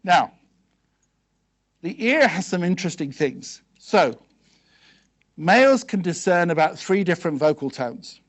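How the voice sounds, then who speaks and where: A man giving a seminar talk to a live audience, asking them quick questions and checking in with "okay" and "yes?" as he goes. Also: fairly high pitch. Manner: conversational, peppered with "okay" and "yes?". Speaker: seminar speaker.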